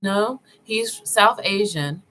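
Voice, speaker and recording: A woman vlogger talking casually as she browses online, thinking aloud with many pauses and fillers, and speaking directly to her viewers. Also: mid-range voice, lively intonation, pushed and bright, soft background music, low-quality recording. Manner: addresses viewers informally.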